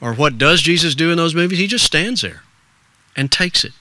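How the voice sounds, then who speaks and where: Older male pastor preaching with a lively, swinging delivery and a bright, dry sound. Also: fairly high pitch, normal speed, dry recording. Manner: earnest and storytelling, swinging between soft hushes and stirring emphasis. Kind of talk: sermon.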